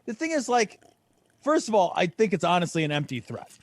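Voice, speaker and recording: A sarcastic man on a casual podcast who swears and scatters "like" through his sentences. His voice sits high and swings widely. The recording is dry and close. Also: big pitch swings, a little fast, dry recording. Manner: sarcastic, profane, many "like" fillers. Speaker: podcast co-host. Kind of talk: casual chat.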